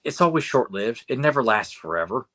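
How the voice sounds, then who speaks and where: A man's voice: mid-range voice, sing-song, brisk, fairly bright tone. A man co-hosting a casual podcast, giving earnest life advice and swearing freely. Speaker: podcast co-host.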